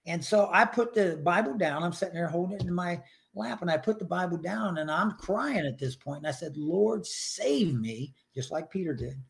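A man's voice: high-pitched, brisk, gravelly, slight background noise. An older man sharing his personal faith story in a podcast interview, earnest and emotional, acting out his prayers.

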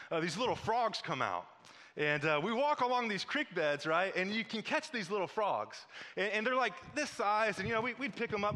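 A male pastor from Missouri with a bright, forward, slightly high voice. He moves between lively storytelling and soft, hushed appeals. The sound carries the long echo of a large hall. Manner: animated storytelling, drops to a soft hush for appeals. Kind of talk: sermon.

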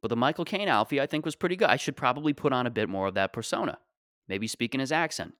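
A man's voice: medium pitch, lively intonation, fast, a bit bright, no room sound, studio quality. A man in his late twenties hosting a solo podcast, talking casually in a rambling, joking, self-deprecating way. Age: 20s. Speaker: podcast host.

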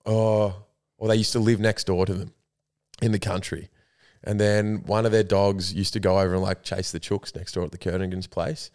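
A man's voice: deep voice, flat delivery, normal speed, a little mellow. A young Australian man co-hosting a podcast, rambling through stories with lots of swearing and laughter. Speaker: podcast co-host. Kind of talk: casual chat.

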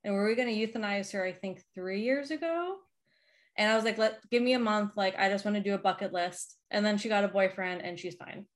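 A woman's voice: medium pitch, a little fast. A woman in her thirties from the Boston area, chatting casually and laughing often, with lots of "like" fillers. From Boston area, Massachusetts. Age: 30s. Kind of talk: casual chat.

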